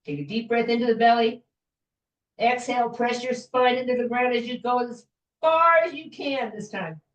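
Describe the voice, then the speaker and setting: A woman fitness instructor guiding a floor stretching class in a gentle, chatty way, with small jokes about herself. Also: a little high, normal speed, distant mic. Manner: gentle, chatty, self-joking with little laughs. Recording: echoey room, voice from afar.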